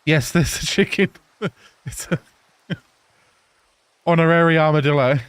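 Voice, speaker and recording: A man in his thirties from England with an English accent softened by Australian, chatting casually with viewers while playing a game live. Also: on the high side, normal speed, pauses often, clear, resonant tone, dry recording. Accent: English mixed with Australian. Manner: chatty, answers viewers, laughs often. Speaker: live streamer. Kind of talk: casual live-stream chat while gaming.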